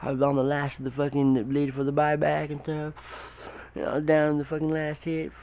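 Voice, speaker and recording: A man telling a rambling, profane tall tale in a casual way, his voice shooting up high when the story gets excited. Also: normal speed, slight background noise. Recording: dull lo-fi recording.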